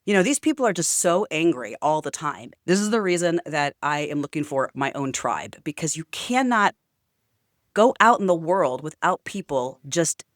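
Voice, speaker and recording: A vlogger tells a story to camera in a casual, outspoken rant, swearing freely and packing her talk with fillers and chatty asides. Her low-pitched voice has lively intonation at a moderate pace, recorded in studio quality with no echo.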